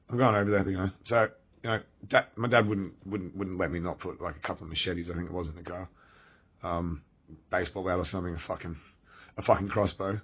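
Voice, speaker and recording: A man's voice: deep voice, steady tone, fast talker, breathy edge. An Australian man telling a personal story in a casual, rambling, profane way, full of fillers and restarts. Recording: dull lo-fi recording.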